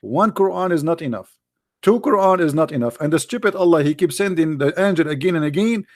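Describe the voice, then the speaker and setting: A man delivers mocking polemical commentary, leaning on rhetorical questions. His voice sits noticeably high, and his English has broken grammar. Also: expressive, a little fast, a little mellow. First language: Arabic. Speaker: religious critic.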